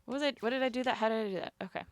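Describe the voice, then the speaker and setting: A woman chatting to herself while she plays a video game, rambling and giggly, her voice climbing high when she gets nervous. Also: very fast, soft background music. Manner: rambling self-talk, giggly. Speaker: streamer. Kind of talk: casual gameplay commentary.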